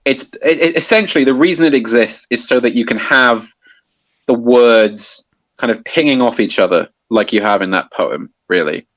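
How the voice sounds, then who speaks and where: A man's voice: mid-range voice, normal speed, a bit bright, no echo, low-quality recording. A man explaining a topic in casual conversation, hesitant with many restarts and fillers. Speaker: guest explaining poetry.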